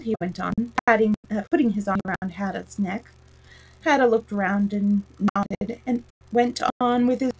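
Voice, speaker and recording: A woman storyteller reading a children's story aloud in steady, plain narration. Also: medium pitch, moderate pace, far from the mic, a little hiss or hum, low-quality recording.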